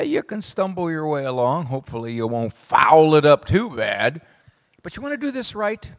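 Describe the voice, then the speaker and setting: Wry middle-aged man in a reverberant hall. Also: a little high. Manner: wry, punchy, deadpan jokes. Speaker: psychologist speaking to an audience. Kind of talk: humorous speech to a live audience.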